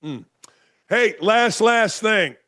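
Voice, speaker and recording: A man's voice: high-pitched, lively intonation, extremely slow, sharp tone, no echo, studio quality. A man hosting a sports talk show, delivering an opinionated, sarcastic monologue full of rhetorical questions. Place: home studio in Florida.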